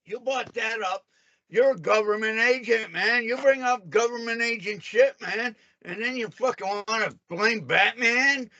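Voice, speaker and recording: Very high, taunting man on muffled call. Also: measured pace, bright, forceful tone, no room sound. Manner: interrupting, taunting, keeps repeating a name. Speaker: call participant. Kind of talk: heated argument on a call.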